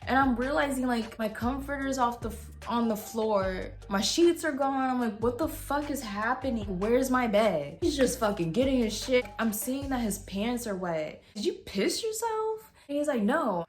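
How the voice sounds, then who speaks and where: A young woman vlogger casually telling a story at home, animated and swearing freely as she acts out what people said. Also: on the high side, normal speed, hardly any pauses, faint music behind. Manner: animated, swears freely, voices others in quotes. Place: home room with a heater.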